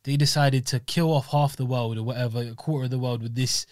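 A man, co-hosting a podcast in casual chat, talking in a measured, reasoning way. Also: medium pitch, steady tone. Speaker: podcast co-host.

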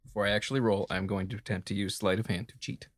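A man's voice: lowish voice, steady tone, quick pace, no echo, studio quality. A man playing a tabletop game, joking and laughing with his friends. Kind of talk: casual tabletop game banter.

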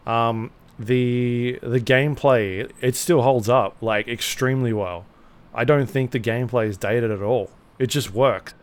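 A man co-hosting a podcast in casual chat, talking in a relaxed, hesitant way with many fillers. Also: mid-range voice, a little slow, clear, resonant tone. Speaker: podcast co-host.

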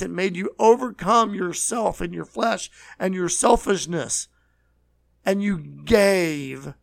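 Earnest high-voiced male preacher. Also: gravelly, dry recording, studio quality. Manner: earnest, repeats phrases, slows for emphasis. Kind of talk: sermon.

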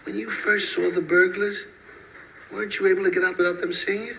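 A man's voice: high voice, flat delivery, a little fast, creaky. A man voicing a grumpy, exasperated middle-aged roommate who complains and bickers. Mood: apologetic. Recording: loud background noise.

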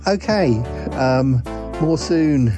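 A man's voice: on the high side, lively intonation, drawn-out words, music in the background. A man voicing a talking duck who rambles through a comic voice message, with plenty of ums and quacks. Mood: rambling. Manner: rambling, full of ums, quacks between phrases.

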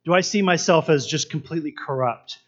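A man's voice: a little high, a little fast, lo-fi sound. A man preaching a sermon, earnest and asking his listeners many questions. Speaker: pastor.

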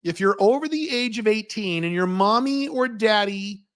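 Blunt, profane American man, high voice. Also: lively intonation, normal speed, a bit bright, clear, resonant tone. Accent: General American. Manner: blunt and profane, with mocking impressions. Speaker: host answering viewer questions. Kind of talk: livestream Q&A monologue. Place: living in Dubai.

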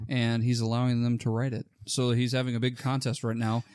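A man in casual chat, making quick jokes. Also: mid-range voice, little pitch movement, a little mellow, clear, resonant tone, no echo, clean studio sound. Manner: joking, quick quips.

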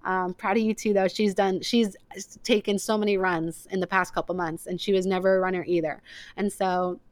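Smooth-voiced young woman, chatty podcast host. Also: mid-range voice, little pitch movement, normal speed, no room sound. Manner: rambling, many "like" fillers, emotional. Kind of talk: casual chat.

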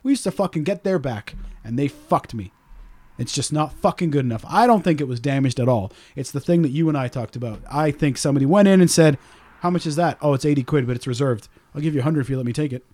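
Fast-talking, swearing podcast host. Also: male voice, fairly high pitch. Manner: swearing, animated, acts out other people's lines. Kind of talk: casual storytelling rant.

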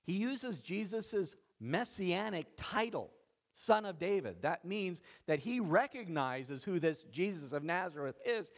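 A male pastor preaching a sermon with animated, dramatic storytelling, acting out the quotes. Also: high-pitched, unhurried.

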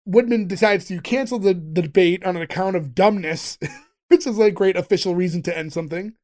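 A podcast co-host in casual chat, retelling a sitcom episode and acting out the lines with animated delivery. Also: medium pitch, fairly quick.

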